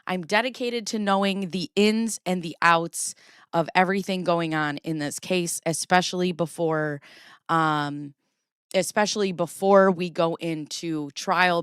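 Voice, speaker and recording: A woman's voice: medium pitch, a bit bright, smooth, dry recording, studio quality. A woman hosting a casual livestream, rambling playfully and reacting to chat messages as she talks. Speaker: livestream host.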